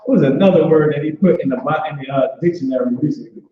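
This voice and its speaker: A man leads an informal online language class in a loose, chatty way, full of restarts. His voice sits a little high. The call audio is very echoey and dull. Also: fast. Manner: loose, conversational, repeats "boom" and restarts often. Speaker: class teacher.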